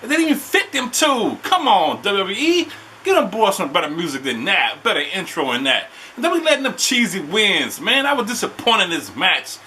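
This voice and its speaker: A man in a casual vlog, recapping a wrestling show in animated, slangy talk. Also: sits high, moderate pace, slight background noise.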